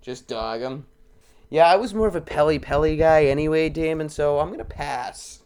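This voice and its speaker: A man's voice: fairly high pitch, normal speed, a little mellow, clear, resonant tone. A man co-hosting a podcast in casual chat, crude and jokey, laughing often. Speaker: podcast co-host.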